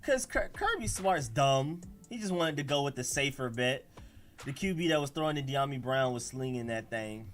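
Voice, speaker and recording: A man with an Atlanta accent hosting a casual sports livestream, talking in an animated, slangy way and reacting to the live chat. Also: mid-range voice, normal speed, soft background music. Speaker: livestream host.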